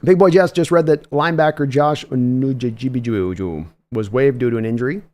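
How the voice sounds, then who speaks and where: A man hosts a casual livestream and reads viewer comments aloud. His talk is chatty and loose, and he chuckles often at mid pitch. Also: a little fast, a little mellow. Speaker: host.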